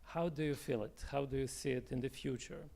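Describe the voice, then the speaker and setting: A man's voice: mid-range voice, a little fast, creaky, mellow, slight background noise. A man from Poland whose first language is Polish, asking a long question in English from the audience and stumbling as he searches for words.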